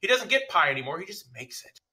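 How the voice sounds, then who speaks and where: A man's voice: sits high, sing-song, quick pace, bright, forceful tone, breathy edge. A man co-hosting a casual podcast, chiming in and egging on the host. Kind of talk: casual chat.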